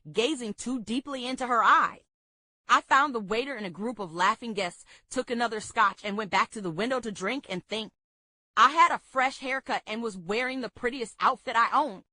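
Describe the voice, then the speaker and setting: A woman reading a memoir aloud for a book club, steady and measured. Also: on the high side, dry recording.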